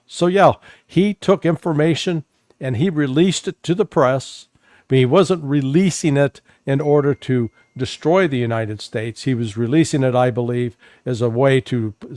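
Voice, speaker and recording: A man's voice: fairly high pitch, darkish tone, dry recording, studio quality. A man speaking as a guest analyst in a political interview, emphatic and often repeating words as he starts a thought.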